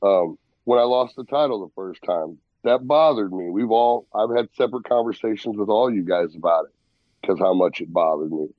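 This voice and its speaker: Low frank dude on a podcast, says bro a lot, kinda muffled dry mic. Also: male voice, animated, moderate pace, no room sound. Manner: frank, calls others bro. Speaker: podcast co-host. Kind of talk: casual chat.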